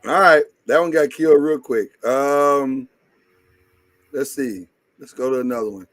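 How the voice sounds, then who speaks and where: A man's voice: medium pitch, unhurried, fairly bright tone, no room sound. Joking man hosting a stream, blunt, teasing, dry close sound. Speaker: host. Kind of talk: casual live-stream chat.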